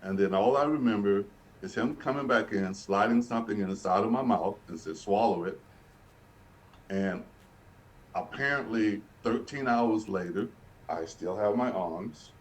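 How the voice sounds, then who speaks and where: Man in his sixties, low voice. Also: moderate pace. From Birmingham, Alabama, US. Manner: earnest, repeats and restarts phrases, vividly recounting. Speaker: interview guest. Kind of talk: personal storytelling in a sit-down interview. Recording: voice picked up from a distance.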